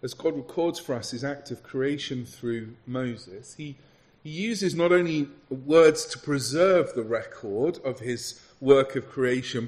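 An earnest male preacher delivering a sermon. He talks conversationally, backing up and restarting phrases as he builds his point. His pitch sits in a middle range. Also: darkish tone.

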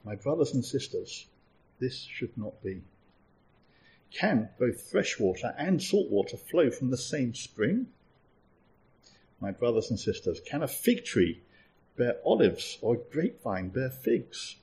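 A man reads scripture aloud with a very husky, breathy tone and a mellow warmth. His pitch moves with lively range as he gives the lines careful, measured weight. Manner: measured, expressive reading. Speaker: scripture reader. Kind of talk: scripture reading.

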